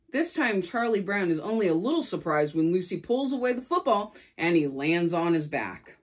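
A woman's voice: on the low side, normal speed, few pauses. A woman from California reading a children's storybook aloud, giving the characters their own voices. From California, USA. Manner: lively read-aloud with voiced character lines. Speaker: storybook reader.

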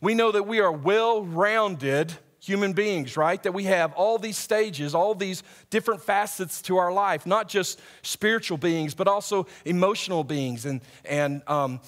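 Speaking with a high-pitched, slightly bright voice, a young camp director gives a conversational sermon to a live crowd in a church hall. He questions the audience and reads scripture aloud at a faster clip.

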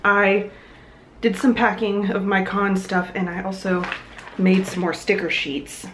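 A woman's voice: medium pitch, little pitch movement, a little slow, fairly bright tone. A young woman chatting casually and upbeat in a home vlog, thinking aloud as she goes. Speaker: vlogger. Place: home room. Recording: echoey room, faint noise.

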